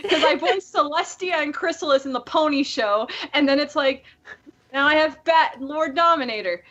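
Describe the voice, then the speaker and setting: A young woman with a high voice chats on a podcast, rattling off anecdotes and breaking into giggles. The sound is a little dull and lo-fi. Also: a bit bright. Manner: giggly, quick storytelling. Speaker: podcast host. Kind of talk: casual podcast chat.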